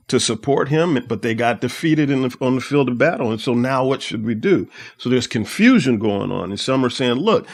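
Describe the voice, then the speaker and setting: A man hosting a podcast, reading scripture aloud and explaining it in a conversational way with frequent fillers. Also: mid-range voice. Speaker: podcast host teaching Bible. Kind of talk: casual Bible study commentary.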